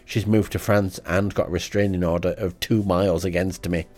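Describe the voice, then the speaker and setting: A man reading out a comic diary in a deadpan, rambling way. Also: deep voice, normal speed. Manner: deadpan and rambling, with frequent ums. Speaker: comedy podcast host.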